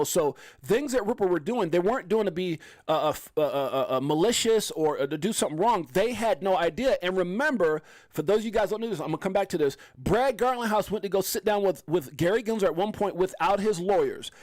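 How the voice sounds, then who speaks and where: A man hosting a live crypto stream, talking casually and animatedly, breaking into shouted hype lines and correcting himself as he reads news aloud. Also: high voice. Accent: African American English.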